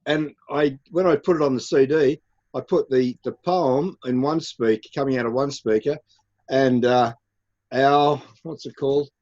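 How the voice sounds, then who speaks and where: A man's voice: mid-range voice, normal speed, darkish tone, no echo. Man, dry muffled call audio. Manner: eager, rambling, with fillers. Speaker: poet. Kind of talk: casual chat on a video call. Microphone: video call.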